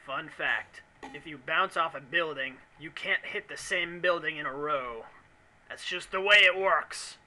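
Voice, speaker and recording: A man's voice: fairly high pitch, bright, forceful tone, slight background noise, poor audio. A man commenting on a video game he is playing, in rambling, mock-angry, jokey rants. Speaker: let's play commentator.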